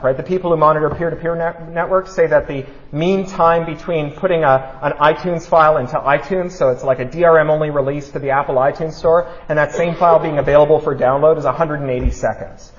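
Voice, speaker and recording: A man giving a public talk, fast and animated, who keeps asking his audience "right?". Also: fairly high pitch. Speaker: speaker at a talk. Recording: dull lo-fi recording.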